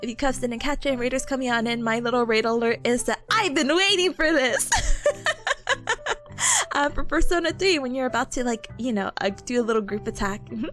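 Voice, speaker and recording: A woman's voice: a little high, brisk, fairly bright tone, faint music behind. A young woman streaming and chatting casually, bubbly and giggly, rambling while greeting viewers. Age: young adult. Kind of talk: casual livestream chat.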